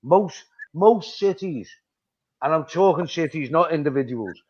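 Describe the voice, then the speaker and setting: A middle-aged man with a Liverpool accent holds forth on a live stream, blunt and sweary, circling back over his own points. His voice sits a little high for a man. The audio is dull and lo-fi. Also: animated, unhurried, a little mellow, slightly rough. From Liverpool, England. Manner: blunt, sweary, repeats himself. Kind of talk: casual live chat.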